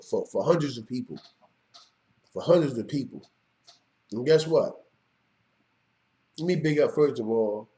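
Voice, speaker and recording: A middle-aged New Yorker hosts his own show, delivering an unscripted monologue to camera in a streetwise, emphatic style and often asking "you know what I mean." His voice is mid-range with a darkish tone.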